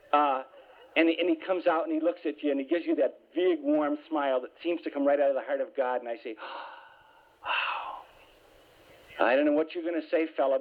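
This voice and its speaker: A man giving a humorous spiritual talk, telling stories lively with self-mocking asides. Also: on the high side. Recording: tinny phone-like radio sound.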